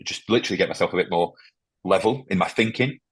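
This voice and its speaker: Fast-talking husky man, low voice. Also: no echo. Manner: halting, emotional, many restarts. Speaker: podcast guest, firefighter. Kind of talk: candid interview conversation.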